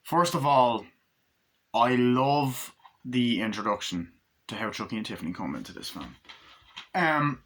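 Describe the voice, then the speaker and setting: A man giving a casual spoken movie review, rambling and excitable, swearing freely as he goes. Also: medium pitch, measured pace, long pauses.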